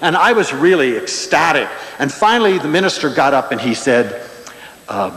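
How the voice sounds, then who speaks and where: A man giving a humorous public lecture, telling stories in an animated, playful way. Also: fairly high pitch, moderate pace. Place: large lecture hall before an audience. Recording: echoey lecture hall.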